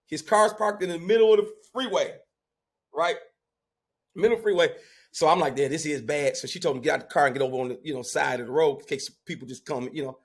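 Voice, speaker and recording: A man in his fifties telling a family story in casual talk, animated and loud when he quotes himself. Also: a little high, brisk. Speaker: podcast guest.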